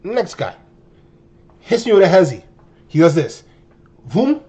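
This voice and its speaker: Husky, animated young man telling a story. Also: a little high, moderate pace. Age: 20s. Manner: animated, exaggerated storytelling with slang. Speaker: streamer. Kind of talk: casual storytelling to viewers.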